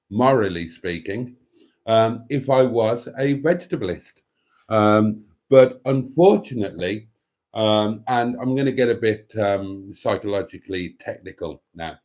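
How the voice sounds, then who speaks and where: A man hosting a live stream in a deadpan, mock-pompous way, rambling with many fillers as he reads out viewer comments. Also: lowish voice, measured pace.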